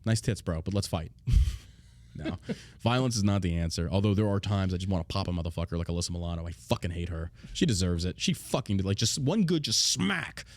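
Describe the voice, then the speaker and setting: Fast, animated, profane male host. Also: low-pitched, dry recording. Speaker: show host. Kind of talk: casual political rant.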